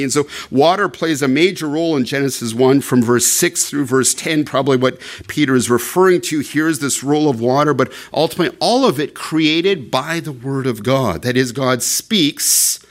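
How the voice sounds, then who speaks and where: Male preacher, mid-pitched, explanatory, digressive teaching sermon. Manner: explanatory, digressive, frequent fillers and restarts. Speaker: pastor. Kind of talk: expository sermon.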